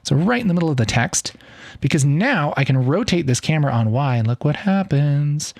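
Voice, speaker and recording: A man in his thirties walking through a software tutorial in a casual, upbeat and enthusiastic way. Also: a little high, lively intonation, fairly quick, vocal fry, no echo. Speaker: video editing tutor. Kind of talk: casual screen-recorded tutorial.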